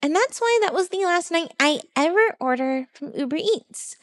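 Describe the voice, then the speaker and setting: A woman VTuber telling a true story in a casual, animated way, acting out what people said. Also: very high voice, moderate pace, no echo. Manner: animated, expressive retelling with quoted dialogue.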